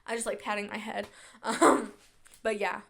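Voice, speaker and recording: A woman's voice: mid-range voice, fairly even intonation, normal speed, gravelly, a bit bright. A woman in her twenties hosting a podcast, telling stories from her own life in a chatty, self-mocking way with a sarcastic edge. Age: 20s. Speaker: podcast host. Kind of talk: casual chat.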